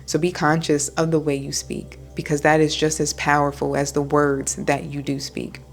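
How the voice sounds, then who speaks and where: A woman vlogger speaking in a low, soothing voice, slow and deliberate, pausing between her sentences. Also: little pitch movement, gravelly, faint music behind. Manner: slow, soft, deliberate speech with pauses. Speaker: wellness vlogger. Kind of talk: calm talking-head vlog.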